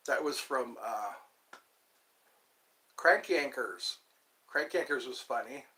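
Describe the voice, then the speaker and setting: Rambling male streamer, bright tone, wry and self-mocking, mid-pitched. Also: unhurried, long pauses, rough recording. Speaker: livestreamer. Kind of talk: casual livestream monologue.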